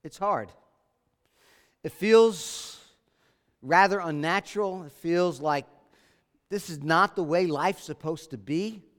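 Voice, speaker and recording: A man's voice: a little high, slow, a bit bright, in a large hall. A man preaching a sermon as pastor, earnest and emphatic, repeating his key phrases.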